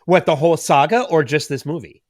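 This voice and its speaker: A man's voice: a little high, fairly quick, no room sound, studio quality. A man in his late thirties, a podcast host telling a long story in casual chat, rambling and getting emotional. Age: 30s.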